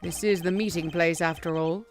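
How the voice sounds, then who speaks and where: A woman voicing a cool, formal male prosecutor, reading game dialogue aloud in a lowered, restrained way. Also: fairly even intonation, normal speed, soft background music, natural voice. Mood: composed.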